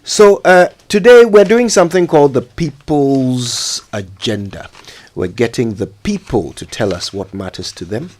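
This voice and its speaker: A Ghanaian man hosting a morning radio show, animated and teasing, laughing often as he chats and reads segments. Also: medium pitch, measured pace. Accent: Ghanaian English. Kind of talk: lively radio chat and scripted segments. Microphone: studio microphone. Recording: dry studio sound.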